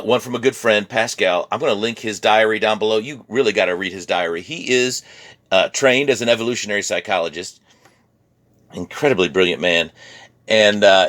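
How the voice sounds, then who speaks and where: An American artist vlogger from Virginia, whose accent sounds mixed and somewhat Midwestern, reflects on his art in a personal vlog, often laughing and repeating words. His voice is lowish and a bit bright.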